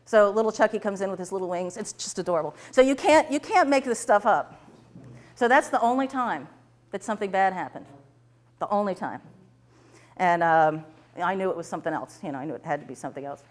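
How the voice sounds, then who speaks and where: A woman teaching a tapping workshop, telling client stories to a live class, laughing often and acting out the dialogue in lively voices. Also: medium pitch, brisk.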